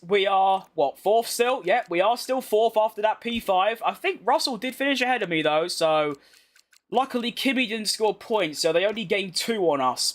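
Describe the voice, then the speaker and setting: A young British man with a high, fairly bright voice casually commentates over his racing game. He's a gaming streamer who chats bluntly with viewers, reading their messages and bantering back.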